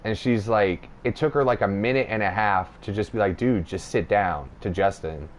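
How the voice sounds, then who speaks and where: A man's voice: fairly low pitch, normal speed, slight background noise. A young man hosting a podcast, telling a rambling, profane story in casual chat. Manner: profane, rambling, animated retelling. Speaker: podcast host.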